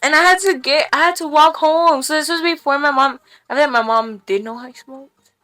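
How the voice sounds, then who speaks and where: A woman's voice: high voice, fairly even intonation, moderate pace, sharp tone. A young woman telling wild stories on a casual podcast, slangy and full of swearing, laughing as she goes. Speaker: podcast guest. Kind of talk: casual storytelling. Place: small room with podcast lights and mic.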